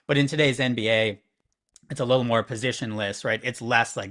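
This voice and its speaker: A man's voice: medium pitch, fairly even intonation, a little fast, fairly bright tone. A man working as a sports betting analyst, explaining at length and thinking aloud, often checking in with "right?". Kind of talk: conversational analysis.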